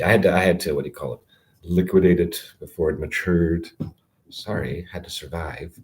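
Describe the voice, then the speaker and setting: Very deep-voiced rambling man. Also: normal speed, darkish tone. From Calgary, Canada. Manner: rambling, sarcastic, self-interrupting with fillers. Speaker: vlogger. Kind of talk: rambling direct-to-camera rant.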